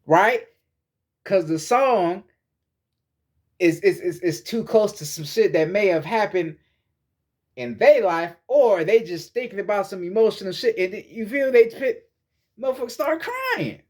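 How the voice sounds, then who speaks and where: A man's voice: sits high, a little slow, darkish tone. A man giving a casual spiritual monologue as a vlogger, lecturing bluntly with heavy profanity and frequent repetition.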